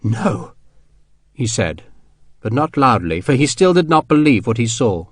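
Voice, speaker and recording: A man narrates an audiobook from a script in a steady, measured storytelling style. His pitch is medium, and the clean studio sound has no echo.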